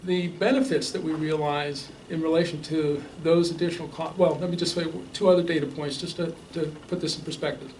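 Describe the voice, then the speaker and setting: A man speaking at a public debate, laying out figures in a measured way with frequent restarts. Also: fairly high pitch, steady tone, darkish tone. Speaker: debate panelist. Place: realty office meeting room. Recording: distant mic with faint noise.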